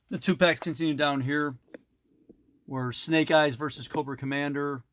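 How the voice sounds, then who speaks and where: A man's voice: medium pitch, fairly bright tone, no echo. A middle-aged man casually narrating a tour of his collection in a basement, with frequent fillers and self-corrections. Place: basement room.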